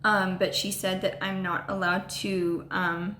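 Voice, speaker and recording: A woman telling a personal story on a vlog, halting and full of ums and restarts. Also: mid-range voice, level tone, pushed and bright, roomy sound, a little hiss or hum. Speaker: vlogger.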